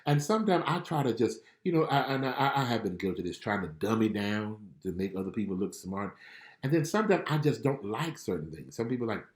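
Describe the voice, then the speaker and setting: A middle-aged man speaks as a spiritual life coach on a livestream, his voice rising and falling with lively pitch. He enunciates carefully and talks gently and personally to viewers. The sound is picked up in an echoey room. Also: fast. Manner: gentle, conversational, reads viewer comments aloud; enunciates clearly, former radio announcer. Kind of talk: live online prayer and prophetic encouragement.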